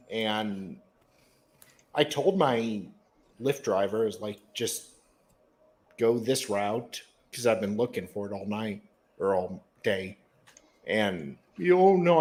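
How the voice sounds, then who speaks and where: A man's voice: fairly low pitch, darkish tone, a little hiss or hum. A man chatting on a group livestream call, wry and teasing. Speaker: guest on a livestream chat. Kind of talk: casual group call chat.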